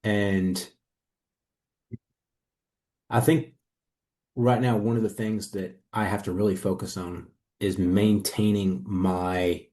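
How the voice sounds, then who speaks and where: A man with a low, mellow voice speaks in a candid testimonial interview. He tells his story earnestly and reflectively, pausing to find his words. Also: steady tone. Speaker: coaching client.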